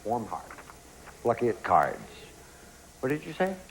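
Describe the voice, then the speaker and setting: A man's voice: medium pitch, huge pitch swings, a little slow, slight background noise, poor audio. A man hosting a game show, joking and teasing the contestants and calling them love and darling. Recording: archival TV studio with loud audience. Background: loud studio audience.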